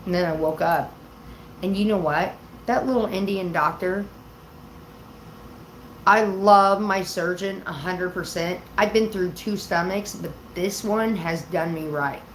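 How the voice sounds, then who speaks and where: A woman's voice: on the low side, measured pace, slight background noise. A woman hosting a livestream, telling a story in a casual, profane, rambling way. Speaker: livestream host. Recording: roomy echo.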